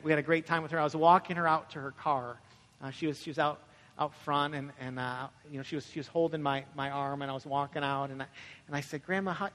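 A young man from Michigan, USA preaches a conversational sermon as a pastor, often asking "right?" and telling stories. His voice is fairly high-pitched and fairly bright in tone, heard in an echoey hall with long reverb.

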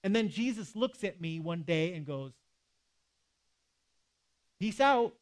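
Guy preaching, high voice, chatty sermon w/ little asides. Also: animated, normal speed. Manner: conversational preaching with casual asides. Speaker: pastor.

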